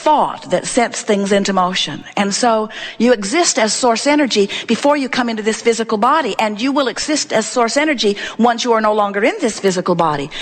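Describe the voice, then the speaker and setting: A woman giving an inspirational talk to a live audience, deliberate and emphatic, repeating phrases for effect. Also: a little high, long reverb tail. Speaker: inspirational speaker.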